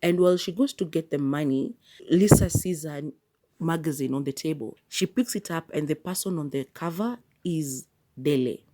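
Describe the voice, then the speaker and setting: A woman hosting a podcast, retelling a movie plot in a chatty, animated way. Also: low voice, normal speed. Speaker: podcast host. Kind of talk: casual movie review.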